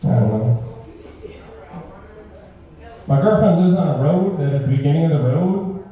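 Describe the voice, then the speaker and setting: A man's voice: a little high, moderate pace. A man performing a stand-up set at an open mic, ranting in disbelief with plenty of swearing. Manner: animated, profane, incredulous rants. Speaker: stand-up comedian. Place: open mic comedy room. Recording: very echoey room, mic far off.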